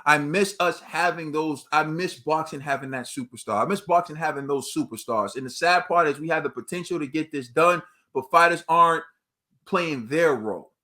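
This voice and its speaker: An American man hosts a boxing talk show with a high voice. His tone is bright and forceful. He speaks emphatically, uses slang, and talks straight to his viewers. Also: normal speed. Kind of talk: animated commentary rant.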